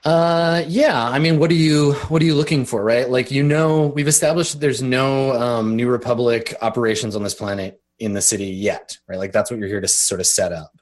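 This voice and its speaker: A man running a tabletop role-playing game as game master. His narration is casual and rambling, full of fillers and restarts as he sets each scene. His voice sits at a middling, ordinary pitch. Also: fairly even intonation, brisk, hardly any pauses.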